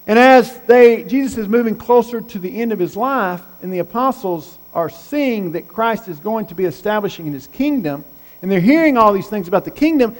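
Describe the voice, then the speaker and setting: Man, preacher, high voice, conversational sermon, rhetorical questions, reverberant hall.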